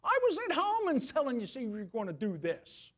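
A man's voice: extremely high pitch, wildly swooping pitch, moderate pace, voice pushed up, heavily acted. A man voicing the prophet Jonah as a sulking, exasperated grown man. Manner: whiny, exasperated, raised voice.

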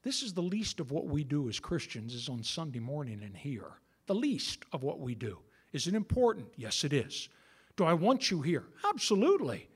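A middle-aged pastor preaching a sermon with a lively, bouncing delivery and a high-pitched voice. He keeps it conversational and turns aside to talk with the congregation. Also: normal speed, slightly rough. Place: church sanctuary.

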